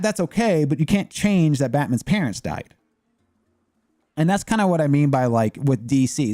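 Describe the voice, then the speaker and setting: A man's voice: mid-range voice, dark tone, no echo, clean studio sound. A man chatting casually as a gaming streamer, rambling and opinionated with lots of fillers. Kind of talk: casual chat.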